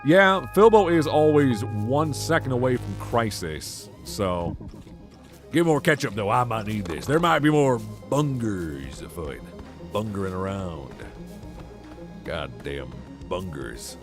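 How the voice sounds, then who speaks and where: A man's voice: medium pitch, very animated, a little slow. A young man streaming a game, joking and swearing playfully as he plays. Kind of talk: gaming commentary. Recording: game music behind.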